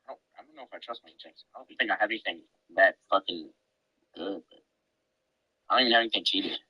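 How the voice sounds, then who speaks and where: A man's voice: low voice, breathy edge, dry recording, lo-fi sound. A man on voice chat while gaming, teasing his friends and swearing freely. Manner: teasing, bossy, quick to swear. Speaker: gamer. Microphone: online voice chat mic.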